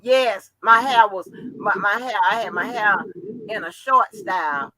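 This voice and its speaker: A woman in casual chat, telling a long story in an animated, profane way. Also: mid-range voice, unhurried, a crowd in the background, poor audio.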